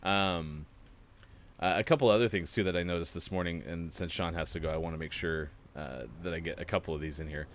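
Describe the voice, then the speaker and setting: A man's voice: low-pitched, fairly even intonation, fairly quick. A man hosting a gaming morning show, chatting casually and reading news items while playing a game. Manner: rambling, reads out news items between gameplay remarks.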